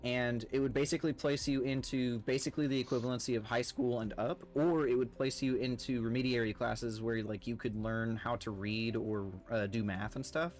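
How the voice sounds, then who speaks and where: A man's voice: medium pitch, fairly even intonation, normal speed, few pauses, faint music behind. A man streaming a game with friends, rambling through a funny work story, swearing freely and laughing at himself. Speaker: streamer playing with guildmates. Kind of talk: casual storytelling while gaming.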